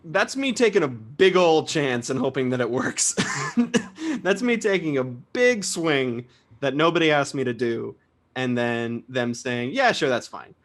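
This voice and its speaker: A man's voice: mid-range voice, expressive, unhurried. Chatty young man with easy laughs. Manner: chatty, self-deprecating, laughs often, many fillers and restarts. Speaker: guest singer. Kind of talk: casual interview.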